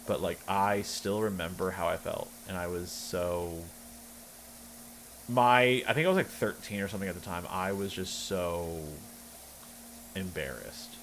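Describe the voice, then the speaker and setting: A man chats through a long personal story on stream, doubling back and correcting himself with a wry edge. His voice sits fairly low. A faint hiss of noise runs underneath. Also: a little slow, fairly bright tone. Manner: rambling, self-interrupting, wry. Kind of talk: casual storytelling chat.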